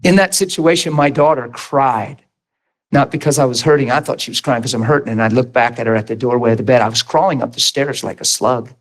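A man's voice: medium pitch, fairly quick. A middle-aged man preaching a fervent, emphatic sermon testimony as pastor, laughing between points.

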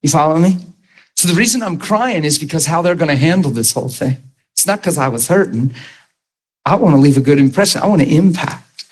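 A man's voice: fairly high pitch, expressive, fairly quick, a little mellow, rough recording. A man preaching an earnest testimony sermon, talking to his audience directly and conversationally.

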